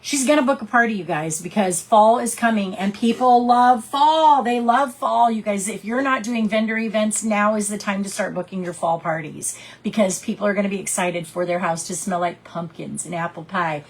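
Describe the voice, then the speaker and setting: A woman talks to her team in a loose, chatty coaching style. Her voice is soft and breathy, at an ordinary pitch. She encourages them and acts out small scenes as she goes. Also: normal speed, few pauses, low-quality recording. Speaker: direct sales team leader. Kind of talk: casual coaching talk to a team.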